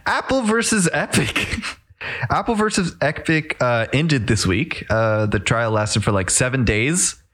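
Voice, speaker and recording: Playful man hosting a casual podcast. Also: medium pitch. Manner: playful, laughs often, exclamations. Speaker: podcast host.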